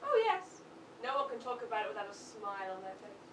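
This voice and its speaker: A woman's voice: mid-range voice, very animated, fast, close to an everyday voice. A woman playing a smug female professor in an improvised stage comedy, dishing out sweetly condescending digs. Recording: echoey live stage from far off, noisy.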